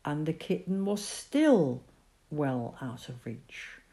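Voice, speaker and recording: Calm woman reading a children's story. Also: deep voice. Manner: calm, even, measured storytelling. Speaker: narrator.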